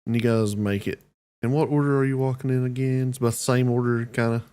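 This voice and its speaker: A man narrating as game master of a tabletop game, relaxed and halting with many fillers. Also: medium pitch, clean tone.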